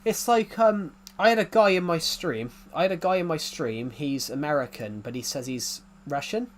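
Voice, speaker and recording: A man's voice: fairly high pitch, moderate pace. Rambling English man chatting casually. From United Kingdom. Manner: rambling, with many restarts. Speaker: gaming YouTuber. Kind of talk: casual chat while playing a game.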